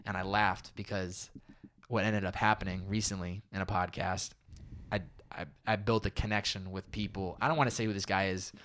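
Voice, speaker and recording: A young man with a lowish voice talks through his podcasting habits in a relaxed interview. He rambles a little and acts out what other people said to him. His tone is candid and conversational. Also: a little fast, slight background noise. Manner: candid, rambling, with quoted asides. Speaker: podcaster guest. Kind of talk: casual interview talk.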